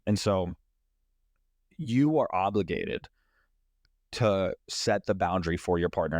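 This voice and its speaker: A man's voice: deep voice, a little mellow, no room sound, clean studio sound. Blunt, profane young man giving advice. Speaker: podcast host. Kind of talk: casual advice monologue.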